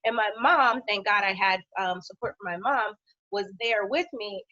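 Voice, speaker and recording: A woman health professional giving an informal educational talk, with conversational fillers and steady lists of symptoms. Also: fairly high pitch, brisk. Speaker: health professional speaking on a panel. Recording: dull, lo-fi dry sound.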